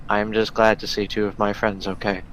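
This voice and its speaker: A gracious noble lady, played by a man in his own low voice, caring and protective toward her friends. She speaks in an earnest, composed way at the table of a tabletop game. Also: level tone, brisk, fairly bright tone, slight background noise, lightly acted, low-quality recording.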